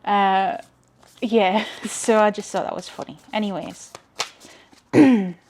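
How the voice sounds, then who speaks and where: A woman's voice: medium pitch, level tone, slow pace, slight background noise. A woman with a Geordie accent, chatting frankly to camera as a tarot reader and rambling as she goes. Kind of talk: casual chat to camera.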